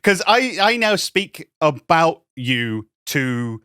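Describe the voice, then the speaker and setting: A young man co-hosting a casual podcast, talking in a chatty, expressive way. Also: fairly high pitch, slow, smooth, dry recording, clean studio sound. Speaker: podcast co-host. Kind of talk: casual chat.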